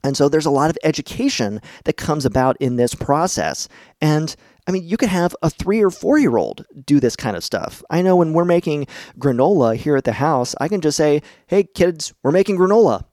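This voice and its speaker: This is a casual instructional podcast, hosted by a middle-aged man in his home basement who laughs often while explaining things in a chatty, encouraging way. He has an expressive voice on the high side, a little mellow, at normal speed, captured dry with clean studio sound.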